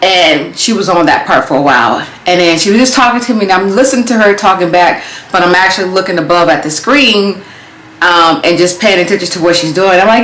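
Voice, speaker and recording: A young adult woman telling a story in a casual vlog, animated and acting out her own thoughts as she goes. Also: mid-range voice, fast. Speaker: vlogger. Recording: roomy echo.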